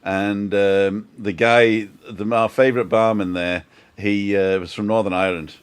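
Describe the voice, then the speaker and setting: A man's voice: fairly low pitch, fairly even intonation, measured pace, clear, resonant tone. Jokey chatty man hosting a live stream. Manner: jokey, chatty, reads out viewer comments. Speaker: host. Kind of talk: casual live-stream chat.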